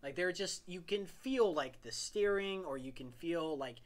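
A man co-hosting a podcast, chatting in an animated, talkative way and laughing easily. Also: fairly high pitch, unhurried. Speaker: podcast co-host. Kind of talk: casual chat.

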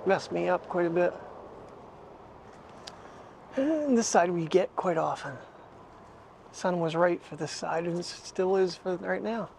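A man's voice: high-pitched, gravelly, a little mellow, a little hiss or hum. A man chatting casually for his daily vlog as he walks his dog, rambling and self-deprecating with frequent chuckles. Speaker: vlogger. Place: outdoors walking a dog, then in a car. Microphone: small wireless clip mic.

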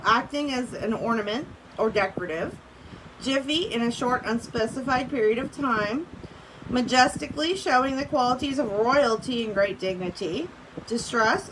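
A woman's voice: high-pitched, a bit bright, slight background noise, rough recording. Casual young woman teacher reading to class. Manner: casual, filler-heavy explaining with light laughs. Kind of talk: reading aloud and explaining to a class.

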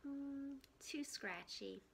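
Woman playing a friendly little frog boy, cheerful, encouraging, high voice, slow storybook reading. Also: expressive, creaky, a little hiss or hum, heavily acted.

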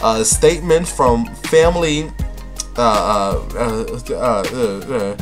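A man's voice: medium pitch, slow, over music. A man hosting a casual celebrity gossip vlog, talking in a sassy, flamboyant, camp way and calling his viewers honey and baby. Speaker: vlogger.

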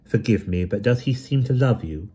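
A man's voice: fairly low pitch, lively intonation, normal speed, mellow, voice pushed up. Man doing a severe, bossy young woman. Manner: crisp, emphatic, commanding. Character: brisk young woman, severe, managing, practical.

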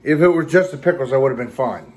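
A man's voice: mid-range voice, expressive, fast, background noise. A young man hosting his own challenge channel, out of breath and stuffed, chatting casually to viewers. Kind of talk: casual vlog talk.

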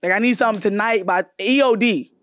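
A woman's voice: medium pitch, quick pace, no room sound, studio quality. A woman hosting a podcast, bantering in a flirtatious, profane, casual way. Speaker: podcast host. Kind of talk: casual chat.

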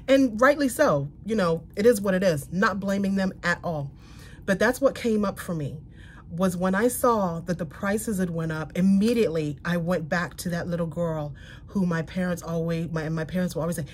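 A woman's voice: lowish voice, brisk, slight background noise. A woman vlogger talking candidly to her viewers while getting ready at home, emphatic and direct. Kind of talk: casual get-ready-with-me talk.

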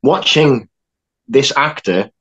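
A young man, an actor and filmmaker, telling a lively story on a podcast with quick asides. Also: mid-range voice, muffled recording. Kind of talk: casual anecdote telling.

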